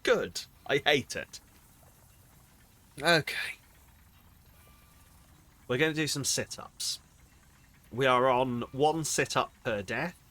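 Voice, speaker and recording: A man's voice: medium pitch, slow pace, pauses often, fairly bright tone. A British man streaming a game, muttering to himself, swearing and sounding exasperated. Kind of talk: casual gaming commentary.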